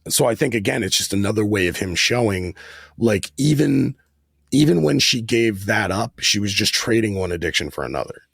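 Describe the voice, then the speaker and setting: Deep, gravelly male podcast guest; loose, filler-heavy film chat. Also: expressive, fairly quick, few pauses, a bit bright, no echo, studio quality. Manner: rambling, lots of "like" fillers, acts out quotes. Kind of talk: casual film discussion.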